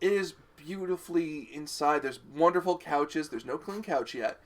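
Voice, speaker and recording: A man's voice: a little high, normal speed, a bit bright. A man narrating as game master on a tabletop game live stream, descriptive and laughing often.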